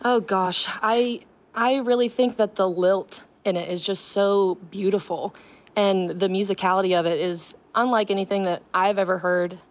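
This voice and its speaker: A woman's voice: medium pitch, fairly even intonation, normal speed. A woman actress speaking as a guest in a radio interview, earnest and eager with frequent ums.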